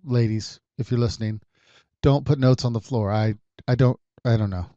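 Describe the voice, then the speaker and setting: A man in his thirties chats alone on his podcast in a relaxed, rambling way, full of fillers, self-corrections and wry asides. His voice is mellow and dark-toned. The recording is dry and a little muffled. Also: medium pitch, normal speed, no room sound. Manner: rambling, many ums and restarts, wry storytelling. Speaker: podcast host. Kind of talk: casual solo podcast chat.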